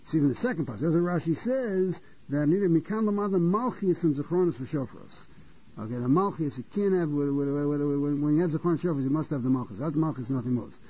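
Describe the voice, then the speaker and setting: A man's voice: a little high, fast, warm tone, breathy edge. A man teaching a Torah lecture, stopping to repeat and restart phrases, and asking questions that he then answers himself. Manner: poses rhetorical questions and answers them. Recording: dull lo-fi recording.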